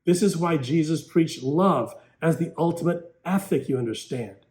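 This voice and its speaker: A man's voice: on the high side, moderate pace, darkish tone. A man preaching a sermon in an emphatic, rhetorical way, raising his voice for mocking quotes.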